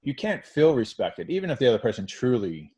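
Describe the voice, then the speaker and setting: A man's voice: medium pitch, very animated, fairly quick, dark tone, husky. A man hosting a podcast interview, talking earnestly and emphatically and restarting his phrases. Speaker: podcast host. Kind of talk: conversational interview.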